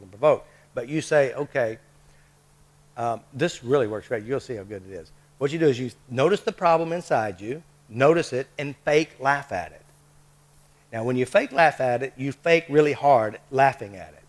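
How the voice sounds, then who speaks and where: A man's voice: medium pitch, a little fast. A man leading a live workshop, coaxing the group with short repeated prompts and checks. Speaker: workshop leader.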